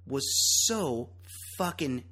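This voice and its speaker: A man co-hosting a casual podcast, with a husky, slightly breathy voice. He talks loud and opinionated, swears freely and laughs often between points. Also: medium pitch, animated, slow. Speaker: podcast co-host.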